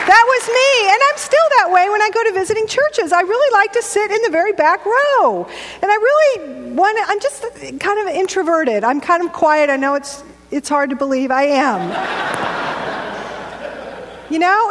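A woman's voice: very high voice, lively intonation, normal speed, crowd noise, noisy background. A middle-aged woman preacher giving a conversational, joking sermon in a church. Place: church sanctuary. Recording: echoey church hall.

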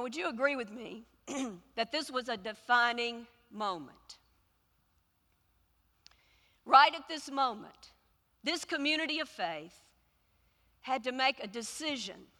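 A woman's voice: fairly high pitch, expressive, slow pace, long pauses, bright, forceful tone. A woman preaching a sermon in a church, telling the story dramatically with emphatic, repeated phrases. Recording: echoey hall reverb.

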